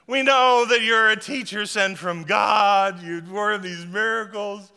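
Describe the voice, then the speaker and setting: Man doing a high, oily flatterer of a politician, animated, echoey hall. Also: slow, gravelly, clean tone, full character voice. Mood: flattering. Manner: oily and sycophantic. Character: fawning, flattering male Pharisee politician.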